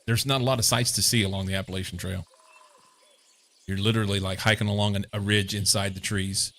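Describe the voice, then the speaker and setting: A man's voice: fairly low pitch, fairly even intonation, fairly quick, a bit bright, a little hiss or hum. A young man from Missouri streaming a game, chatting casually and rambling with lots of fillers. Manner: rambling, meandering, many fillers. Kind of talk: casual chat while playing a game.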